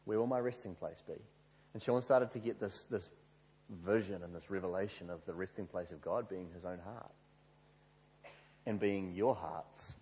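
Male preacher, husky, animated storytelling sermon in a reverberant hall. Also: low voice, normal speed. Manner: animated storyteller, acts out quoted prayers.

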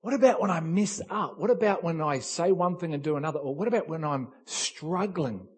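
A man preaching a sermon, swinging between hushed lines and loud cries and acting out little dialogues. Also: fairly high pitch, animated, fairly quick, slightly rough.

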